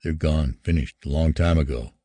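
A man's voice: very deep voice, normal speed, warm tone, husky, no echo. A man doing Holloway, a grim explorer. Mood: bleak. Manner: demanding, bleak. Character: grim, fearful male expedition leader.

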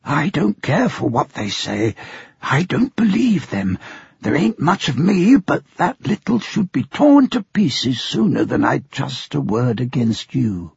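A man reading an audiobook, voicing a timid little old father who is gentle, anxious and remorseful. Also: fairly high pitch, very animated, unhurried, vocal fry, husky, no room sound, voice pushed up, full character voice. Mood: pleading. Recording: dull lo-fi sound.

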